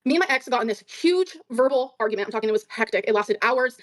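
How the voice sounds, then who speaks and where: A woman arguing defensively on a livestream, swearing often and talking in rapid bursts. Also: fairly high pitch, lively intonation, no echo, clean studio sound. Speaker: livestream guest. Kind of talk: heated livestream argument.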